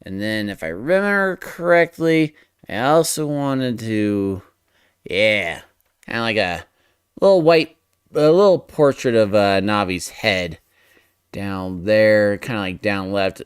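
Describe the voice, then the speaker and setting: A man's voice: lowish voice, lively intonation, unhurried, clear, resonant tone, no echo, studio quality. A man streaming as he draws, chatting casually and thinking aloud, often muttering to himself in a playful way. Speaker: streamer drawing live. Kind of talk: casual chat while drawing.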